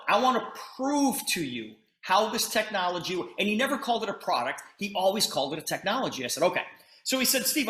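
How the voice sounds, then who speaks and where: Middle-aged male presenter, animated storyteller, roomy echo on the voice. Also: on the high side. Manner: retells a conversation in quick asides, addresses listeners as "you guys". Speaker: company presenter telling a story.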